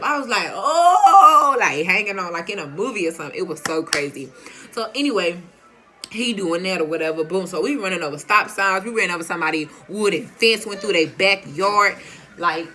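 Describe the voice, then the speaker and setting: A young woman telling a story in a casual, animated and slangy way, often laughing. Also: mid-range voice. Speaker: vlogger.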